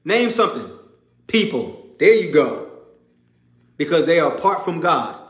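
A man's voice: on the high side, sing-song, measured pace, reverberant. A man preaching an informal sermon, emphatic and conversational, repeating his points. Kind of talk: informal sermon to a live audience.

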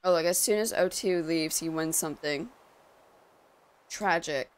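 A woman's voice: sits low, a little slow, clean tone. A woman streamer in a casual gaming stream, groggy and out of it, sarcastically cursing at game characters.

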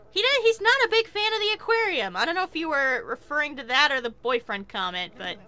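A woman chatting casually while playing a video game, excitable and quick to swear and laugh. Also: sits high. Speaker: game streamer. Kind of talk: casual gameplay commentary.

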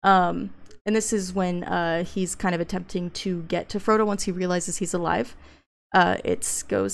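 A woman's voice: on the low side, steady tone, measured pace, gravelly. A young woman giving a casual academic presentation, reading book passages aloud. She hesitates often with ums and uhs, and turns blunt and profane when she gets worked up. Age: young adult. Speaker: graduate student presenter.

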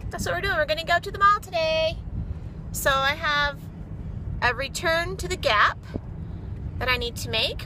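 A woman's voice: high voice, background noise. A woman chatting casually and rambling through her day for a vlog, filmed on a phone in a car. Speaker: vlogger. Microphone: phone camera.

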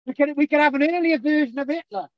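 A man's voice: very high-pitched, fast, no echo, highs cut off. A man giving a casual online lecture, exasperated and bantering, swearing often.

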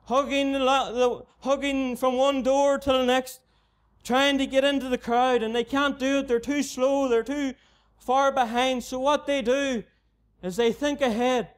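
A Northern Irish man preaching a gospel sermon in a mission tent. His voice sits very high and holds a flat, even line. He repeats his appeals to the unbeliever with steady earnestness. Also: unhurried, smooth.

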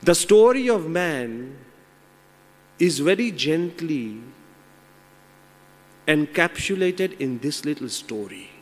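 A man's voice: fairly high pitch, very animated, slow pace, pauses often. A man, a monk and motivational speaker, telling a fable with moralizing asides. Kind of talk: motivational talk with a told fable. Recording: long hall reverb.

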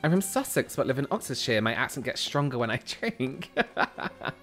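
A man's voice: mid-range voice, big pitch swings, moderate pace, a bit bright, soft background music. A British man casually chatting with his live-stream audience while playing a video game, laughing often and answering chat. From United Kingdom.

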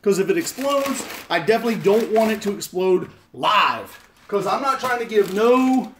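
A man's voice: sits high, animated, moderate pace, fairly bright tone, slight background noise. A man chatting casually and profanely on a live stream, joking and rambling as he opens fan mail at home. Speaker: vlogger opening fan mail. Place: home in Las Vegas.

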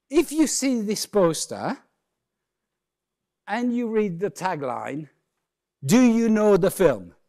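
Male keynote speaker, fairly high voice, jokey and conversational, on stage. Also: darkish tone. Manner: jokey, conversational, playful asides. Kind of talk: humorous keynote talk. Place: conference stage.

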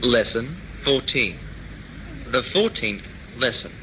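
Slow, careful male lesson reader. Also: medium pitch, animated, sharp tone, slight background noise, poor audio. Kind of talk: scripted lesson reading.

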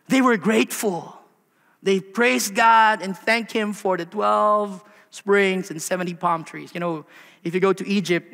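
Guy pastor preaching, really high bright voice, big church echo, lots of questions. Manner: animated preaching with rhetorical questions and quoted voices. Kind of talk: sermon. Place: church sanctuary. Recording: long hall reverb.

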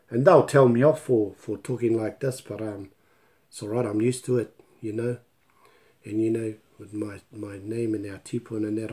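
This te reo Māori tutor, speaking with a New Zealand accent, runs a chatty live video lesson from his home on a laptop microphone. He tells stories and drops in Māori words, his mid-range voice warm in tone.

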